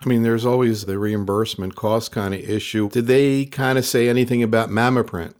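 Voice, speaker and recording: A man's voice: mid-range voice, fairly even intonation, brisk, darkish tone. A man interviewing a medical expert, asking questions in a casual, conversational way.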